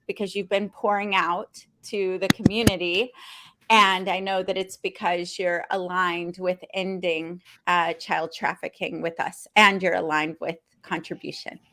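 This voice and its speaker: A woman's voice: mid-range voice, a bit bright. A woman hosting an online summit livestream, bubbly and playful, often laughing. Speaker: livestream host.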